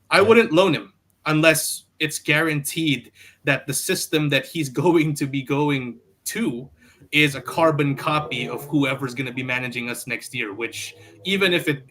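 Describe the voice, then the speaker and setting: A man's voice: mid-range voice, bright, forceful tone. A man co-hosting a casual sports livestream, laid-back and opinionated, who laughs often.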